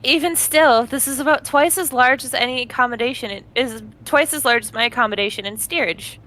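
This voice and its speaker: A woman's voice: high-pitched, fairly quick, pushed and bright, a little hiss or hum. A woman voicing a polite, formal young female assistant, reading courteously as a fan voice-over of a game.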